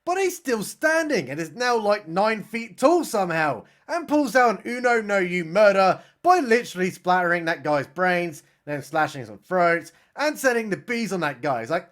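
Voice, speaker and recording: Sarcastic guy roasting a movie, voice jumps high and all over the place. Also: big pitch swings, a bit bright. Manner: sarcastic, mocking, does quick voices for characters. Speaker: film reviewer. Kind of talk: sarcastic comedic movie recap.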